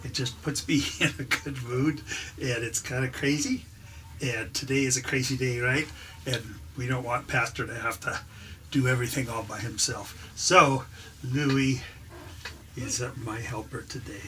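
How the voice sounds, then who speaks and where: A man showing off his dog's pretend tricks in playful deadpan patter, laughing between lines. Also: mid-range voice, unhurried, a little hiss or hum. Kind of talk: playful show-and-tell to camera.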